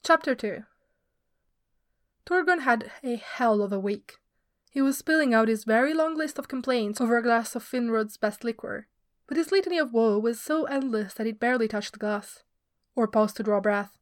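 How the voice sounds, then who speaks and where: A woman reading a story aloud as a podfic reader, in steady, even storytelling narration. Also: fairly high pitch, normal speed, no room sound, studio quality.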